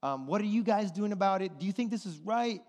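A man preaching a sermon as pastor, telling a personal story in an animated way and acting out the voices of the people in it. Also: high voice, fast talker. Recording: long reverb of a large hall.

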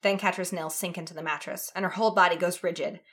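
A woman reading fan fiction aloud in an expressive, dramatic way. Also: on the low side, fast. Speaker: reader.

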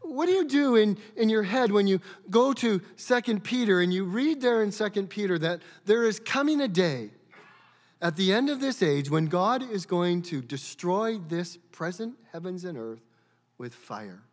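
A man's voice: sits high, animated, normal speed. A man preaching a sermon in an earnest, questioning way, often stumbling and repeating words as he thinks aloud. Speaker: pastor. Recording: long reverb of a large hall.

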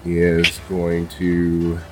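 Slow, deep-voiced male game master. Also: monotone, music in the background. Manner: halting, with many ums and uhs. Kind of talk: narrating a tabletop game.

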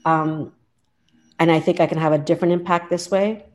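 A woman's voice: deep voice, steady tone, moderate pace, a little mellow. A woman in her fifties, a lawyer and professor, talking in an earnest, heartfelt way with frequent restarts in a casual interview. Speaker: guest, lawyer and law professor.

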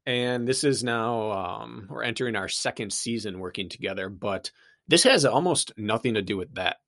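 A man's voice: fairly low pitch, animated, moderate pace, gravelly, fairly bright tone. A man hosting a running podcast and coaching his guest, talking in a chatty, upbeat way. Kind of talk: casual chat.

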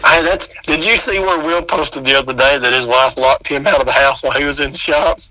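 A man's voice: fairly high pitch, a little fast, bright, forceful tone, slight background noise, poor audio. A man in laid-back casual chat, agreeing often and telling short stories.

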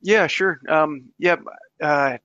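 A man answering interview questions as a guest, hesitant and full of pauses and restarts. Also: on the high side, bright, forceful tone, dry recording, highs cut off. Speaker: guest author and fly angler.

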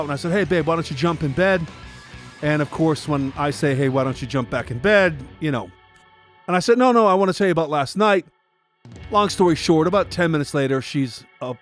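A middle-aged man hosts a Christian devotional podcast, speaking earnestly and preachily in a voice on the high side. He builds up to shouted rhetorical questions.

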